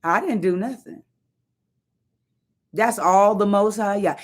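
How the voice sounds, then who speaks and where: A woman leading an informal sermon. She speaks emphatically and conversationally, repeating key lines slowly. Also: medium pitch. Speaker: prayer leader.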